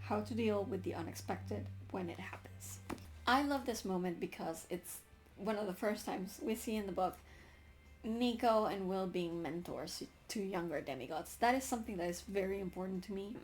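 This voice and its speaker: A young woman vlogging a casual book review, gushing and laughing often, with many fillers. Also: medium pitch. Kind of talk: casual book review with read-aloud passages.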